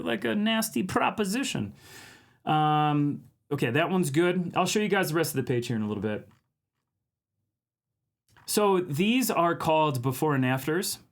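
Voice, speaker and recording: A man from Minnesota hosts a casual art live stream, talking with viewers as he works. His voice sits a little high, and he laughs often and reads chat messages aloud.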